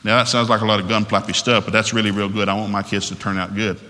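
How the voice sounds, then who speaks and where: Folksy preacher in a hall. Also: male voice, lowish voice, level tone, fast talker, bright, forceful tone. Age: middle-aged. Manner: folksy, acts out family dialogue. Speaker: pastor. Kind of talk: sermon with storytelling.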